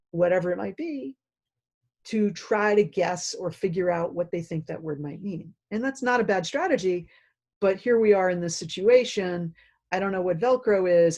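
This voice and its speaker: A woman's voice: medium pitch, mellow. A woman training teachers in a self-paced video lesson, explaining in a direct, conversational way.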